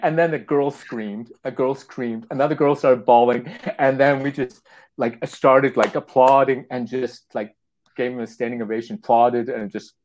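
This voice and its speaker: Man from Canada, a guest telling a story with animated energy and frequent laughter. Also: medium pitch, moderate pace, a little hiss or hum, low-quality recording. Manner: animated, laughing often, many restarts. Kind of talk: anecdotal storytelling.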